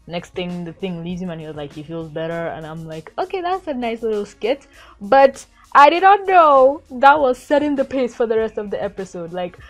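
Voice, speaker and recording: A young woman talks through a cartoon episode in an excitable, gushing way. She slips into the characters' lines as she goes. Her voice sits at a middle pitch, and faint music plays behind her. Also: moderate pace, hardly any pauses. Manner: excitable, gushing, acts out quotes. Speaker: episode reviewer. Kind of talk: casual cartoon episode review.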